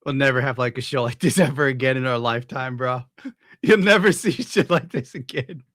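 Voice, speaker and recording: A man's voice: medium pitch, fairly quick, fairly bright tone. A man giving casual, crude reaction commentary on clips, laughing and riffing. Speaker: streamer host.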